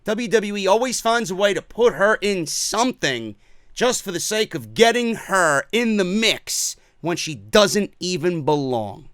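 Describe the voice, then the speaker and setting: A man's voice: high voice, expressive, unhurried, a bit bright, dry recording, studio quality. A man ranting his way through a wrestling show review, profane and sarcastic.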